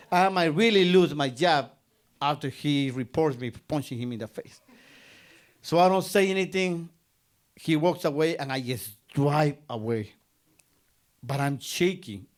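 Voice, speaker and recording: A man from Guatemala, telling a personal story on stage and acting out both sides of a conversation. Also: a little high.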